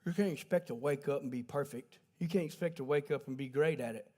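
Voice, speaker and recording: A man's voice: a little high, quick pace, dark tone. A man preaching a sermon in a folksy, conversational storytelling way, correcting himself as he goes. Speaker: pastor. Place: church livestream.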